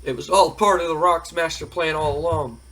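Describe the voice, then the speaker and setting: A man's voice: fairly high pitch, fairly even intonation, normal speed, a bit bright. A man hosting and narrating a simulation game in a rambling, colloquial way. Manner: rambling, colloquial storytelling with fillers. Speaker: game host.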